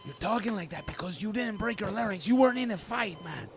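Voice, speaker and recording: A man's voice: sits high, lively intonation, brisk, vocal fry, faint music behind, voice pushed up. A man voicing a laid-back male buddy who drawls and keeps saying "man" in a comedy sketch. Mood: calm. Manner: drawling, calls everyone man.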